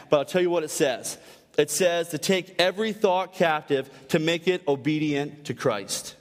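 A young man preaching a sermon, telling stories with animated delivery and acting out quotes in changing voices. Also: a little high. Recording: long hall reverb.

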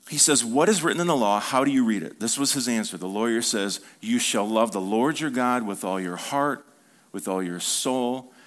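With a fairly low pitch, a male pastor preaches an animated sermon to his congregation, acting out quoted dialogue and calling for responses.

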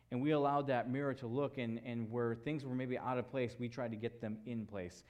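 A man delivers a sermon at an average pitch. He stresses his points with repetition and keeps returning to rhetorical questions. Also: a little mellow. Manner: emphatic preaching with repeated phrases and rhetorical questions. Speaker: pastor.

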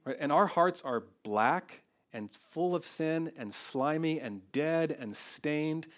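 A man's voice: on the high side, animated, slow. Earnest conversational male preacher. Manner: earnest, conversational, often emotional; repeats and restarts phrases. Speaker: pastor. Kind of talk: sermon.

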